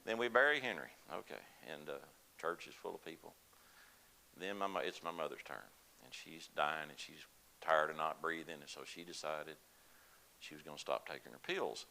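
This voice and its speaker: A man's voice: very deep voice, moderate pace, vocal fry, sharp tone, rough recording. An older man telling a personal story to a congregation in a folksy, conversational way. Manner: folksy, conversational, with laughs and asides. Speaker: lay speaker at a church service.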